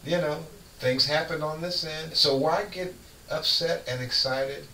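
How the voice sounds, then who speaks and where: A man who is a guest on a radio show, preaching in casual chat with fervent, lively storytelling. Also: on the high side, measured pace. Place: radio studio. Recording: echoey room, far from mic, faint noise.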